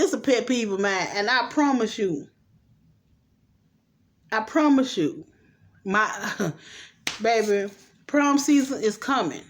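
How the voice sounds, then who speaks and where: A middle-aged woman casually recapping a TV episode, acting out the characters' lines with slangy, animated asides. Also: high-pitched, slow, pauses often. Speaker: show recap host.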